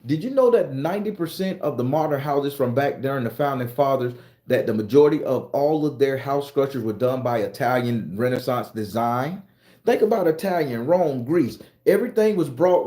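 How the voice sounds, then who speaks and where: A man's voice: medium pitch, fairly quick, roomy sound. A man telling a profane, emphatic story in a casual monologue, lecturing his viewers as an online storyteller. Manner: animated, emphatic, swearing freely. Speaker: online storyteller and tarot reader.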